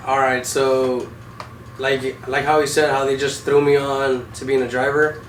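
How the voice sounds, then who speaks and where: A man's voice: mid-range voice, level tone, measured pace. A young man, an Army vehicle driver, telling war stories casually with heavy swearing, in an echoey room. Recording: echoey room, distant mic, faint noise.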